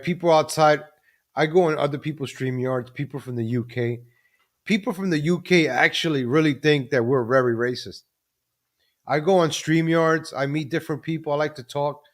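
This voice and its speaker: A man hosting a live stream, ranting about the news and repeatedly addressing the audience. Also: a little high. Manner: ranting, repeats ladies and gentlemen. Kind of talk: casual commentary live stream.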